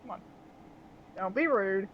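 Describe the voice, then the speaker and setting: A man's voice: sits high, animated, measured pace, dull audio, slight background noise. A man voicing a sly, mocking male ship captain who talks in a smug, theatrical way.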